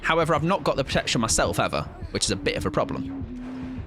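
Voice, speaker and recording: A man with a British accent giving animated live gaming commentary, swearing and laughing a lot. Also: a little high, fast. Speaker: streamer. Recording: game music playing under the voice.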